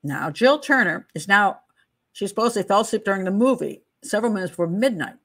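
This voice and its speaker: A woman's voice: medium pitch, expressive, fast talker, a bit bright. A middle-aged woman hosting a true crime channel, walking through a case file in a chatty, digressive way and laughing at her own asides. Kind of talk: casual case walkthrough, reading statements aloud.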